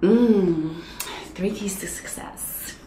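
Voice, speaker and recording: A woman in her thirties, a radio personality, chatting as an interview guest and telling stories with lively acted-out dialogue. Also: medium pitch, drawn-out words, a little hiss or hum. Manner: animated storyteller who acts out quoted dialogue. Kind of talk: casual interview conversation. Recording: roomy echo.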